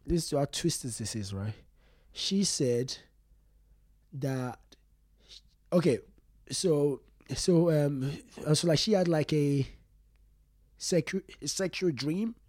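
A young man telling a personal story as an interview guest, rambling and halting with many fillers and restarts. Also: fairly high pitch, a little mellow, no echo, studio quality. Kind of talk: casual interview talk.

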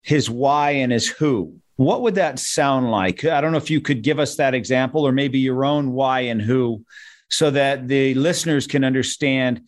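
A man hosting an interview speaks at a middle pitch and keeps to short affirmations. Now and then he asks a curious follow-up question. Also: normal speed. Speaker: podcast host.

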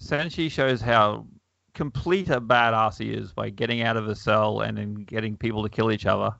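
Gravelly, bright-voiced man chatting wryly. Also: lowish voice, fairly even intonation, normal speed, dry recording. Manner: wry, chuckling, lots of fillers. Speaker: podcast host. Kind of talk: casual chat reading a comic aloud. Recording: dull lo-fi, dry.

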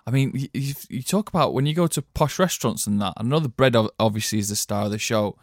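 A man's voice: medium pitch, quick pace, no echo. Easygoing man, dry mic. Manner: easygoing, agreeable, frequent "yeah" backchannels. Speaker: podcast co-host. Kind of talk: casual chat.

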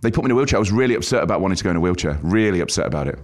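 A man co-hosting a casual podcast, telling a story with animated delivery and frequent laughter. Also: low voice, rapid-fire. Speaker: podcast co-host.

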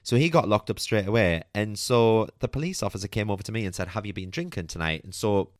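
A man's voice: on the low side, lively intonation, fast talker, dry recording, studio quality. A man hosting a podcast, telling a personal story in a chatty, candid way full of "like" and the odd swear. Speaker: podcast host.

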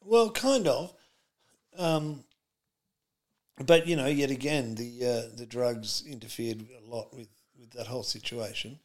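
A man's voice: medium pitch, a little slow. A middle-aged man, a comedian telling stories as a podcast guest in a rambling way, full of fillers and restarts. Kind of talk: casual interview chat.

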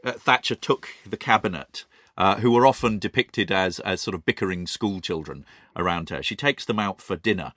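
A man's voice: sits low, normal speed, fairly bright tone, no room sound, studio quality. A British man co-hosting a casual chat, telling stories with many ums and restarts. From Britain. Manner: hesitant, lots of ums and restarts. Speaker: podcast co-host.

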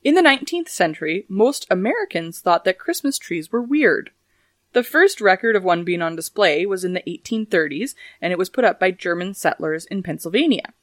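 A woman's voice: on the low side, expressive, a little fast, dry recording. A woman hosting a casual history podcast, reading facts and adding dry, joking asides. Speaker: podcast host.

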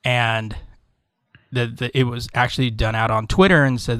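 Podcast co-host, male, mid pitch, rambling chatty delivery, dry sound. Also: steady tone, moderate pace, a bit bright, clean tone, dry recording. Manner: loose, rambling, swears freely, lots of fillers. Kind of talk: casual chat. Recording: dry close mic.

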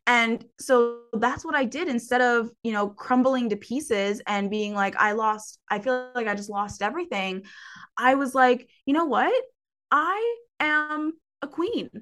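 Woman, coach, casual interview, animated, laughs often, slightly high voice. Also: measured pace, clean tone. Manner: animated, laughs often, acts out her own past voice.

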